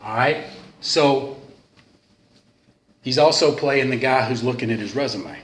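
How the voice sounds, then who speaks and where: A man's voice: mid-range voice, unhurried, fairly bright tone. Rambling, joking man in a roomy hall. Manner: rambling, joking, self-deprecating. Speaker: speaker at a recovery meeting. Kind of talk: casual storytelling talk. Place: meeting room of a club. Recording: roomy hall sound with faint noise.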